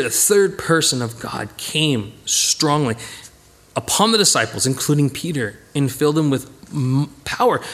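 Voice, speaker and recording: A male Bible teacher leading a casual study, speaking with emphatic energy and addressing his group directly. His voice sits high and swings widely in pitch as he drives home each point. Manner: animated, emphatic, talks to listeners as "guys".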